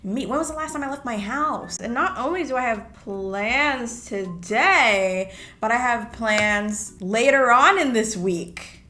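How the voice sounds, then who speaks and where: A woman's voice: on the high side, slow pace, sharp tone, reverberant, slight background noise. Chatty young woman vlogging at home. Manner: chatty and playful, breaks into sing-song bits. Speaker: beauty vlogger. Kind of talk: casual get-ready-with-me chat. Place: home room.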